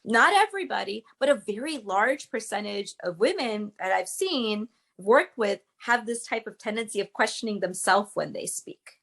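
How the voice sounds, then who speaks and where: A woman's voice: mid-range voice, animated, moderate pace, gravelly, hardly any pauses, a bit bright. A woman speaking as a guest, a public speaking coach explaining with emphatic, teacherly energy. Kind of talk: interview guest.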